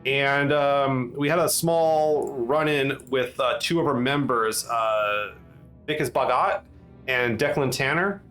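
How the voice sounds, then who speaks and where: Man, game master, tabletop narration, halting delivery, mid pitch, faint music behind. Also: a bit bright, rough recording. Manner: halting, full of ums and restarts.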